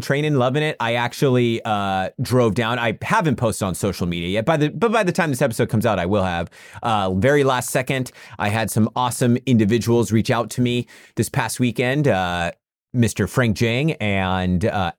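A young man co-hosting a podcast in a casual chat, rambling and halting with lots of "uh" fillers. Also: mid-range voice, no room sound, studio quality. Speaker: podcast co-host.

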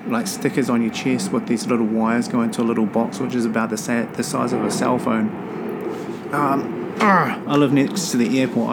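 A man's voice: mid-range voice, creaky, very noisy. A man hosting a rugby podcast from home, talking in a rambling, offhand and profane way. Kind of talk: casual solo podcast chat. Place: home near an airport.

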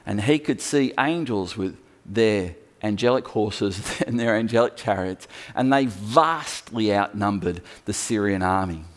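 A male pastor preaching a sermon, telling stories with animated emphasis. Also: fairly low pitch, a little slow, few pauses.

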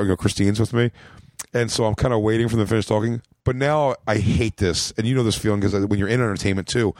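A man's voice: lowish voice, darkish tone, dry recording, studio quality. A man with an American accent, a comedian telling a long backstage story in a rambling, profane way on a podcast. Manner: rambling, profane, acts out quotes in a raised voice.

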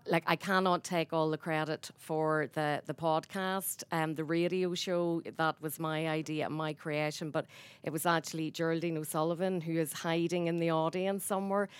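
Low-voiced Northern Irish woman. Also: little pitch movement, normal speed, smooth, no room sound. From Northern Ireland. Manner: chatty, self-deprecating storyteller. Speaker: radio host being interviewed. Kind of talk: live on-stage interview. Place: stage at an awards event.

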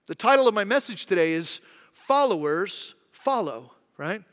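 A man's voice: high-pitched, sing-song, normal speed, a bit bright. A man in his thirties preaching a sermon as pastor, conversational and often asking "right?". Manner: acts out quoted voices. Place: church hall. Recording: long hall reverb.

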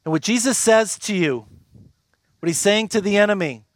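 A man preaching a sermon with earnest emphasis, slowing down and dropping his voice low on key phrases. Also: no echo. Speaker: pastor.

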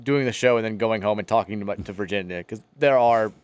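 A man in his thirties hosting a sports radio show, reading listener texts aloud and teasing his co-host in a dry, deadpan way. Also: fairly low pitch, fairly quick, smooth. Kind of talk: casual sports radio banter.

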